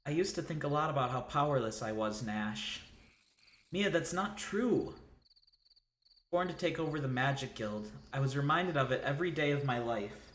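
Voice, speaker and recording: Man voicing gentle young female mage, soft earnest speech, lively pitch, echoey room. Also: moderate pace, lightly acted. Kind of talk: reading game dialogue aloud on stream.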